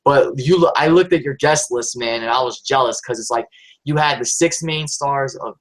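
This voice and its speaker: A man's voice: mid-range voice, moderate pace, poor audio. A man hosting a casual chat show, speaking enthusiastically and addressing viewers directly. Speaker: host.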